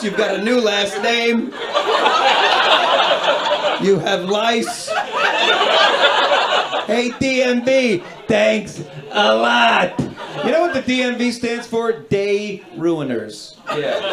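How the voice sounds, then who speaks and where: A man doing stand-up comedy in a sardonic, ranting style. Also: a little high. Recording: echoey room with loud background noise.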